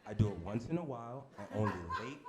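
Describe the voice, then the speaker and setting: A man performing a brash stand-up comedy set on a club stage, with deadpan shock delivery and asides to the crowd. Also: medium pitch, quick pace. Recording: noisy live club recording. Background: audience laughter.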